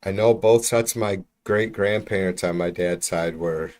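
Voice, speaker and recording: Male streamer, lowish voice, loose profane rambling chat, mic at arm's length. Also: moderate pace, a little mellow. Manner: rambling, profane, chatting to viewers. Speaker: livestreamer. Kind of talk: casual livestream chat. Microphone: mic about an arm's length away.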